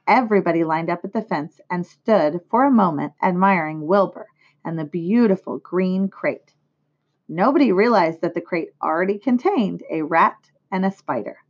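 A teacher reading a children's book aloud in clear, measured narration. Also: female voice, lowish voice. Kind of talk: storybook read-aloud. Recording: dull lo-fi recording.

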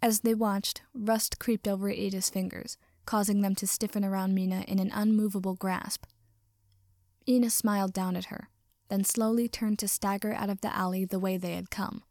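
A woman narrating a story in an even reading voice that sometimes drops near a whisper. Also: medium pitch, normal speed, no echo, studio quality. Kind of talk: storybook reading of fan fiction.

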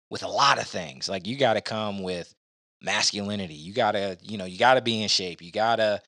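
A man's voice: medium pitch, fairly bright tone, no room sound, studio quality. A man hosting a casual podcast, giving blunt opinions in a rambling way with lots of fillers. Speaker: podcast host.

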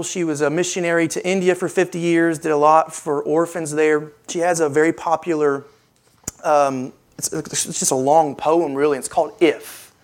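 A woman preaching a sermon, earnest and emphatic, with rhetorical questions and repeated phrases. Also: sits low.

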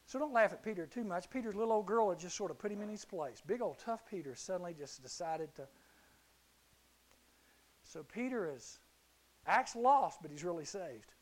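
High-voiced man preaching a lively sermon. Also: moderate pace. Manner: animated storytelling, acting out characters, shouting at peaks. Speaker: youth preacher.

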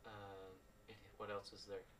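A man's voice: fairly low pitch, completely flat delivery, measured pace, fairly bright tone. Laid-back male player, distant mic, faint hiss. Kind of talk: casual tabletop play. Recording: roomy, distant home mic with faint noise.

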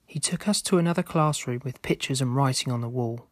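A man reading a scripted spooky story aloud in a steady, measured way. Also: mid-range voice, no room sound, studio quality. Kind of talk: scripted narration.

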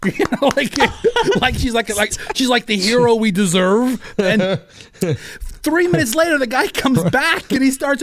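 A man's voice: extremely high pitch, big pitch swings, moderate pace, a bit bright, no room sound. A man co-hosting a morning radio show, telling a story and acting out the people in it. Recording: dry studio sound.

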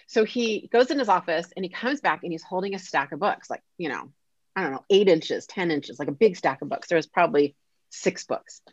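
A woman speaks as a podcast guest, telling a story in a lively way and playing out the voices of the people in it. Her voice sits on the low side for a woman. The recording is dry and slightly muffled, like a lo-fi mic. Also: a little fast, husky, dry recording. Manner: animated, acts out quoted dialogue. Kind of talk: casual storytelling interview. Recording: dull lo-fi sound.

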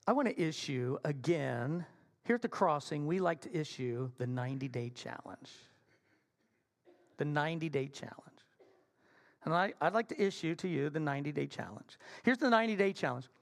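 A man preaching a sermon as senior minister in a church sanctuary. He tells his story playfully and animatedly, then drops to soft, hushed appeals. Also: a little high, animated, moderate pace, gravelly.

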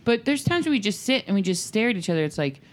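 A woman in her thirties trades stories on a casual podcast, her pitch rising and dipping with a lively swing. She laughs easily and often as she talks. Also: fast talker. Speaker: podcast co-host. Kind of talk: casual chat.

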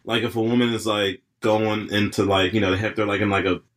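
A young man co-hosting a podcast in casual chat, laid-back and quick to laugh, with long rambling asides. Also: fairly low pitch, level tone. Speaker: podcast co-host.

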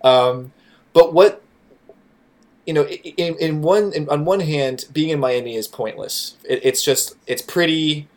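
A man's voice: on the high side, unhurried. A man from Florida, a podcast guest, talking casually in a rambling way, with lots of swearing, fillers and restarts.

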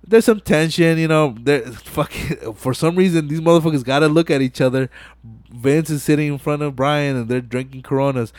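A man's voice: a little high, normal speed, dry recording, studio quality. A man hosting a podcast, casually recapping a movie scene by scene, swearing a lot and acting out the characters' lines. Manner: animated retelling with profanity, acts out lines. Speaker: podcast host.

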